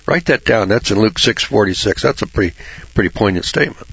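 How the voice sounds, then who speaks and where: A man's voice: lowish voice, expressive, brisk, a bit bright, husky, no echo. A man giving informal Bible commentary in a blunt, folksy way, swearing freely and mocking churchgoers with sarcastic asides. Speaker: Bible teacher. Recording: dull lo-fi recording.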